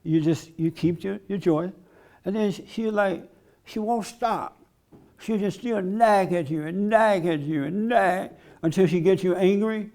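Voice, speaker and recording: A man's voice: sits high, a little slow, mellow. A man giving a blunt, emphatic preaching-style talk at a conference, laughing along with his audience. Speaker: conference speaker.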